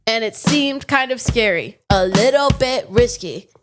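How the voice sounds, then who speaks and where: A playful woman co-hosting a podcast in easy, casual chat. She hammers a phrase again and again for laughs, and her voice sits somewhat high for a woman. Faint music can be heard in the background. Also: expressive, a little slow. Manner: playful, repeats phrases for comic effect. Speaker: podcast co-host and producer.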